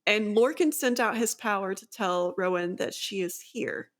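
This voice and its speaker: A woman's voice: mid-range voice, normal speed. A woman co-hosting a casual book discussion, recapping the plot at length with many "like" fillers. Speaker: book podcast co-host.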